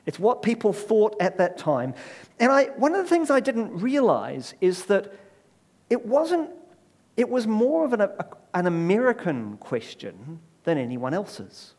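Animated New preacher, middle-aged man. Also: high voice, unhurried. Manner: animated storyteller with wry self-deprecating asides. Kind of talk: sermon.

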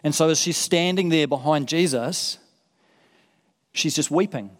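A man with a somewhat high voice preaches a sermon and tells its story in a lively, conversational way, pressing harder as the tension builds. His voice carries a long reverb, as if it fills a big hall. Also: a little slow. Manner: vivid, conversational retelling with rising emphasis.

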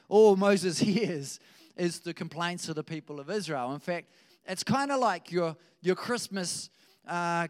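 A male pastor giving a conversational sermon, telling stories with frequent restarts. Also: high voice.

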